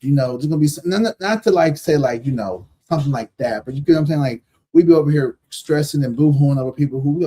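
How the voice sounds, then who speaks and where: A man's voice: on the high side, lively intonation, quick pace, hardly any pauses, mellow, husky. Candid, profane man reading tarot live. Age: 30s. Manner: talkative, repeats himself for emphasis; laughs often. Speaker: tarot reader hosting a live stream.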